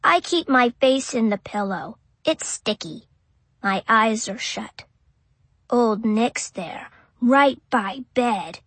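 A woman's voice: fairly high pitch, animated, slow pace, dry recording. A woman reading an audiobook in first person as a small child, with simple childlike phrasing. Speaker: audiobook narrator.

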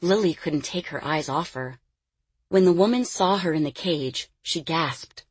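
A woman reads a novel aloud, her voice low in pitch with a husky grain. She narrates in a measured, expressive way. The recording is close and dry with no room sound. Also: dry recording. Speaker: audiobook narrator. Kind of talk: scripted narration.

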